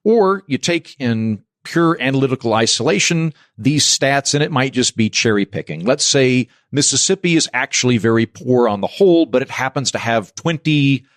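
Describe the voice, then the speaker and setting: A man's voice: medium pitch, fairly bright tone, no room sound, clean studio sound. A man hosting a podcast, delivering a scripted monologue in a wry, sardonic way. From United States. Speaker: podcast host.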